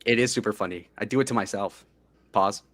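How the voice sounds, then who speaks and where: A man's voice: fairly low pitch, brisk, a bit bright. A young man streaming, chatting casually in a joking, boastful, teasing way.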